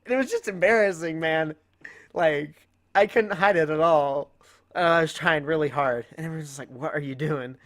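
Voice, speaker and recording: Rambling teenage guy, slightly high voice. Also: moderate pace, fairly bright tone. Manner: rambling, with frequent self-amused laughs. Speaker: channel host. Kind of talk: casual storytelling vlog.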